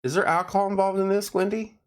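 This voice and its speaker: A man's voice: high voice, steady tone, fast. A tired man hosting a casual late-night livestream, joking around and reading viewer comments aloud. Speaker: livestream host.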